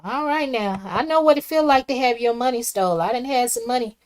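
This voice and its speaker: Woman reading her livestream chat out loud, kinda high voice, chatty, gets loud then quiet. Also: brisk. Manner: chatty, reads comments aloud and reacts, swings from soft asides to loud exclamations. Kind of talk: casual live chat commentary.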